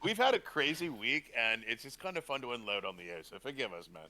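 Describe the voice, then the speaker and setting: A man's voice: mid-range voice, animated, quick pace, pushed and bright. A man co-hosting a role-played talk show in laid-back slang, ending lines with man or bro.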